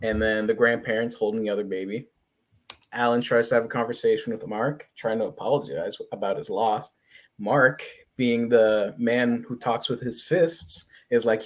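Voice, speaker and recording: A man hosting a podcast, recapping a comic in a casual, animated way and swearing freely. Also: mid-range voice. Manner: animated, swearing, acts out quotes. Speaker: podcast host.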